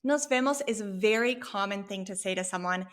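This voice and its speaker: A woman teaching a Spanish lesson, explaining a sample dialogue clearly and patiently. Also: mid-range voice, fairly bright tone. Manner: clear, patient, slow when modeling Spanish phrases.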